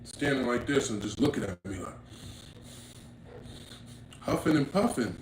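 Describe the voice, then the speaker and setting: A man with a gravelly mid-pitched voice tells a street story to camera, slangy and acting out what people said. He builds to loud, emphatic bursts. The room is echoey with faint noise behind him. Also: expressive, moderate pace, pauses often. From Inglewood, California. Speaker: vlogger telling a story. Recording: roomy echo, faint background noise.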